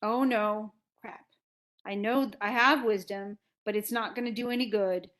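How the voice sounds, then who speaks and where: A woman's voice: mid-range voice, steady tone, normal speed, a bit bright. A woman lecturing on a classic play, casually retelling scenes and acting out the characters' lines in everyday words. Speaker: literature instructor.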